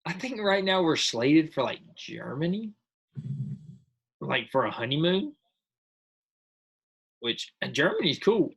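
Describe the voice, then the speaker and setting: Laid-back husky young man joking around. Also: fairly high pitch, very animated, slow, long pauses, fairly bright tone. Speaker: podcast co-host. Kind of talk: casual chat.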